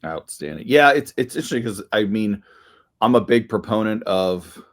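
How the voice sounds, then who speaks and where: A man's voice: fairly low pitch, expressive, normal speed. A man hosting a podcast interview, asking long, chatty questions with many fillers. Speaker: podcast host.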